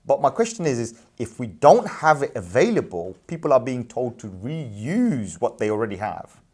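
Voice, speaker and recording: A man's voice: medium pitch, normal speed, husky. A man who runs a business, talking casually with a friend and pressing his points hard with rhetorical questions. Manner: animated, emphatic, repeats points with rhetorical questions. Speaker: businessman and parent, show host. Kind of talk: casual discussion.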